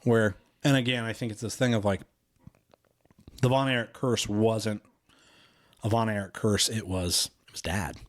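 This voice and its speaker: A man's voice: lowish voice, steady tone, unhurried, pauses often, no room sound, clean studio sound. A man co-hosting a podcast, retelling a film in a casual, rambling way, with lots of "you know" and "like". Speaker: podcast co-host.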